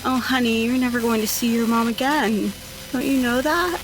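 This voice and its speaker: A woman voicing a cruel nurse who talks down to a child in a mock-gentle, condescending way. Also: on the high side, moderate pace, background noise, close to an everyday voice. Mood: mock-sweet.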